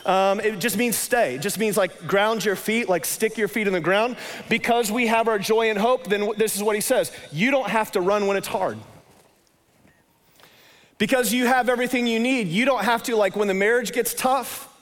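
A man's voice: high-pitched, moderate pace, fairly bright tone, long reverb tail. A man preaching a sermon, talking casually and with emphasis and repeating his phrases. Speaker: pastor.

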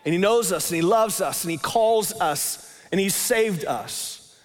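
High-voiced man preaching in a hall. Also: expressive, unhurried, faint music behind. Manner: conversational, emphatic, repeats phrases. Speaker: pastor. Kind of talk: sermon.

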